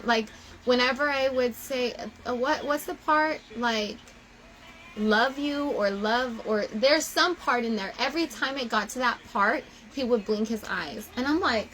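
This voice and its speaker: A young woman talking casually to her viewers, animated and emotional, often gushing. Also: sits high, measured pace, rough recording. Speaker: vlogger.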